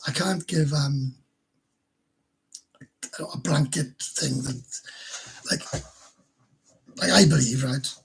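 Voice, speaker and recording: A man's voice: mid-range voice, takes it slowly, creaky, long pauses, slightly rough. A man with a Welsh accent hosting a casual livestream, rambling, swearing freely and stumbling over repeated words as he answers viewers. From Wales. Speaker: livestream host.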